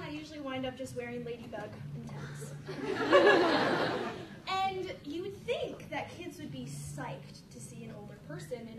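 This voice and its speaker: A young woman with a very high voice runs through a stand-up set, bouncing between her own voice and the kids she acts out. She sounds far from the mic in a roomy venue, with a loud crowd and heavy noise around her. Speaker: stand-up comedian. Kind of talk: stand-up comedy routine. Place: university venue with live audience.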